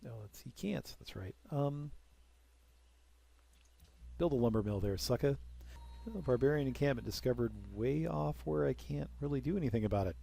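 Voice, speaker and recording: A man's voice: mid-range voice, expressive, moderate pace, vocal fry, pauses often, dark tone, no room sound. A young man giving casual, sarcastic commentary while playing a strategy game, muttering asides to himself. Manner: sarcastic, mutters asides, breaks into snippets of song. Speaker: gameplay commentator. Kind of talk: casual let's-play commentary.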